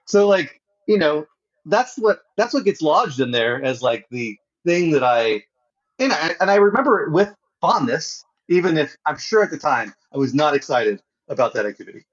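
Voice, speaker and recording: A man's voice: a little high, big pitch swings, moderate pace, slightly rough. A man in casual podcast chat who hesitates and restarts often, thinking aloud. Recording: dull lo-fi sound.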